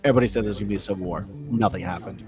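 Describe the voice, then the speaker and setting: Man from the US, lively and foul-mouthed, low-ish voice, faint music behind. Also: racing. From United States. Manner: animated, profane, acts out quotes. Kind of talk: casual chat.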